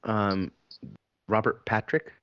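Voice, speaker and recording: A man's voice: on the low side, steady tone, takes it slowly, clear, resonant tone, no room sound, lo-fi sound. A man hosting a casual podcast, running a trivia round with crude, playful banter. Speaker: podcast host, trivia quizmaster.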